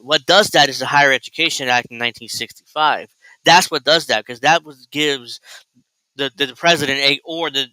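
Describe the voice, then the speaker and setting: A man's voice: clear, resonant tone, no room sound, low-quality recording. A man hosting a live reaction show, talking casually and mockingly, often mimicking others in a raised voice. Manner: animated, mocking, mimics people in high voices. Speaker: host reacting to a video.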